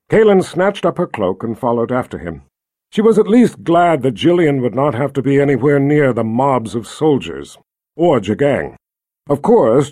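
A male narrator reading a fantasy novel aloud, expressive and engaged. His pitch rises and falls a great deal. The recording is dry and close, with no room sound. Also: no echo. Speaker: audiobook narrator. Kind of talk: scripted narration.

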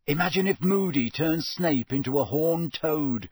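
A man reading aloud, voicing an excitable teenage schoolboy who blurts things out eagerly. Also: fairly high pitch, unhurried, husky, no room sound, studio quality, pitched above the performer's own voice.

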